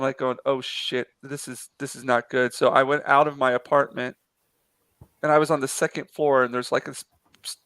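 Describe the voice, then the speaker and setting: Gravelly man telling a story. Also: medium pitch, fairly bright tone, no echo. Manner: rambling with many fillers and restarts. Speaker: live-stream artist chatting with a viewer. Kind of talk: casual chat, storytelling. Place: apartment in a city.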